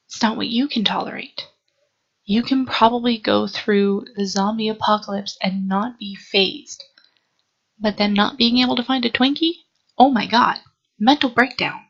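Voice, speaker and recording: A young woman rambling earnestly to her camera, halting with ums and restarts, a little sleepy. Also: medium pitch, a bit bright, muffled recording. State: sleepy, yawning. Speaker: vlogger. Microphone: camera mic.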